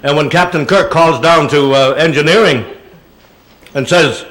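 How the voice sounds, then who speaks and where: An older man giving an animated, anecdotal talk to an audience, slipping into voices as he goes. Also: a little high, a little slow, poor audio. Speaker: guest speaker. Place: auditorium presentation.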